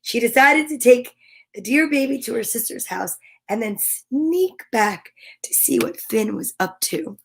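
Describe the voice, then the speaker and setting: A woman's voice: on the high side, measured pace, vocal fry, slightly rough. A woman hosting a children's storytime, reading a storybook aloud playfully and animatedly, with chatty asides. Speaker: storytime host.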